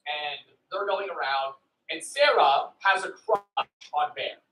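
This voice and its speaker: A man's voice: fairly high pitch, lively intonation, slow pace, bright, forceful tone, distant mic, a little hiss or hum. A man casually retelling a story on a stream, loose and profane, full of "like" fillers. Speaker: friend telling a story on stream. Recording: echoey room, away from the mic.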